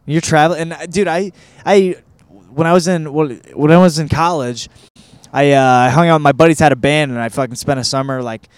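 A man's voice: a little high, fairly even intonation, fairly quick, smooth, no echo. Rambling, profane male podcast host. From Michigan. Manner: rambling, profane, self-deprecating. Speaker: podcast host reviewing a book. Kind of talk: casual profane monologue. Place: California.

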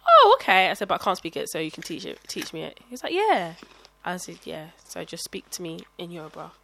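Lively chatty young woman. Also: lowish voice, a little fast, creaky, dry recording. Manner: chatty, laughs loudly, quotes people in voices. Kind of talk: casual chat.

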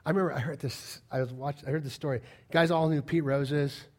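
A man preaching a sermon as a pastor, firing rhetorical questions and swinging between loud emphatic lines and quiet asides. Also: a little high, fairly even intonation, fast talker.

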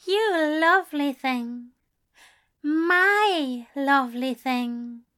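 A woman's voice: very high-pitched, expressive, takes it slowly, a bit bright, pitched above the performer's own voice, exaggerated voice. A woman voicing a fussy, affectionate male angel in a fan-fiction reading, speaking in a fond, coaxing way. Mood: doting.

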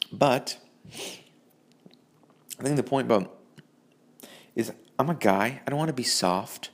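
A man's voice: medium pitch, a little slow, long pauses. A man recording a rambling solo rant on a phone, profane and breaking off mid-thought. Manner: profane, rambling, self-interrupting. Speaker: vlogger.

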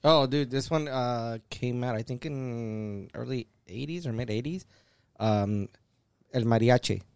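A man's voice: mid-range voice, unhurried, creaky, a little mellow, clean tone, no room sound. A man in casual podcast chat, telling a story in a laid-back, easy way.

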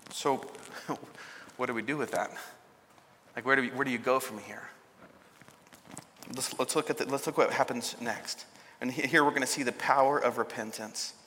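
A man delivers a sermon from the stage of a church auditorium, retelling a story and giving voice to the people in it. His tone is bright and forceful. The sound carries a long reverb with a faint hiss of noise underneath. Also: mid-range voice. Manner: storytelling, acts out a shouting king in bursts. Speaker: preacher.

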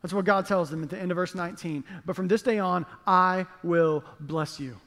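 A man's voice: sits high, moderate pace, fairly bright tone. A male pastor preaching a sermon, telling the story with playful jokes and acted-out asides. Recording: long reverb of a large hall.

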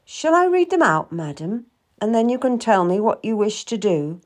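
A woman's voice: medium pitch, very animated, normal speed. Woman reading as a charming young male secretary. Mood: courteous. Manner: gentle, polite, courteous. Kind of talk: audiobook reading.

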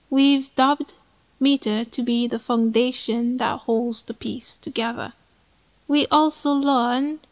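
A woman reads a scripted poetry lesson slowly and deliberately, her pitch sitting a little high but barely moving. The recording is dry and close, with no room sound. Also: no echo, low-quality recording. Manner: measured, deliberate, even delivery. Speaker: poetry teacher. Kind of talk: slow scripted lesson narration.

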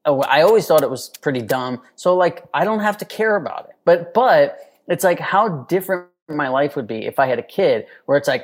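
A man's voice: fairly high pitch, a little fast, few pauses. A young man chatting casually on a podcast, swearing a lot and acting out quotes as he tells stories. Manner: profane, animated storytelling with acted-out quotes. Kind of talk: casual chat.

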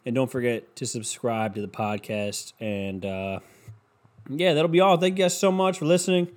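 A man's voice: mid-range voice, moderate pace, a little mellow. A young man hosting a casual solo podcast, rambling on and swearing constantly, with lots of "like" fillers. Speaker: podcast host.

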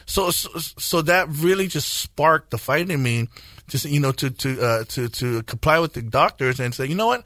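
A man in his forties tells his story on a radio talk show. He speaks at a middle pitch, earnest and halting, often repeating himself and filling pauses. The sound is close and dry, with little room around it. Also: pushed and bright, no echo. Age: 40s. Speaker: guest minister. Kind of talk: testimony in a radio interview.

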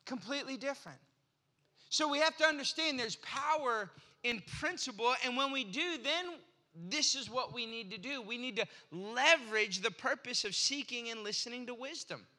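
A man's voice: extremely high pitch, lively intonation, moderate pace, pushed and bright. A man in his forties preaching a sermon in a conversational, storytelling way, acting out little exchanges in his anecdotes. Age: 40s. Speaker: pastor.

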